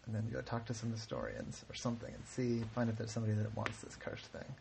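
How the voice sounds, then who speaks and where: A man's voice: on the low side, sing-song, quick pace, creaky, a little mellow, slight background noise. A man voicing a worried, grateful client in a bedtime story, hesitant and rambling. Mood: relieved. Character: worried, grateful man cursed to shrink things.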